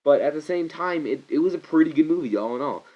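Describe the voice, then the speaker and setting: A man rants casually into his camera about a movie, wandering off topic and bursting into loud mock voices. His pitch swings widely from low mutters to sudden highs. The sound is dull and lo-fi, as from a camera's built-in mic. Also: animated, fast talker. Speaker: vlogger reviewing a movie. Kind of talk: rambling casual rant to camera.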